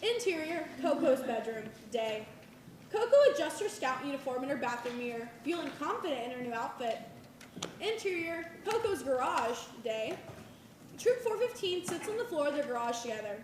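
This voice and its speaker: A woman's voice: high-pitched, sing-song, normal speed, a little hiss or hum. Woman reading stage directions. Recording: live reading in an echoey hall.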